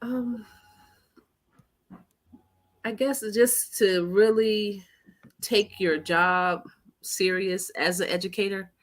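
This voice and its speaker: A woman's voice: mid-range voice, steady tone, takes it slowly, pauses often. A middle-aged woman, an educator, speaking as a talk show guest in an earnest, hesitant way with many ums. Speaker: educator and tutoring business owner, guest.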